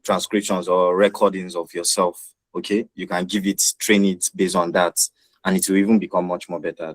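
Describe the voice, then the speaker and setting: Deep-voiced man explaining tech. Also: no echo, low-quality recording. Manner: earnest, repeats phrases and checks with listeners. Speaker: workshop presenter. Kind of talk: explaining software in an online workshop. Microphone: video call.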